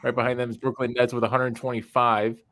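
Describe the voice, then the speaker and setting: A man on a casual sports podcast lays out statistics in a plain, matter-of-fact manner. His voice is mid-pitched and the sound is dry and close. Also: little pitch movement, fast, fairly bright tone, no echo. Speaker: podcast stats co-host. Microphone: video call.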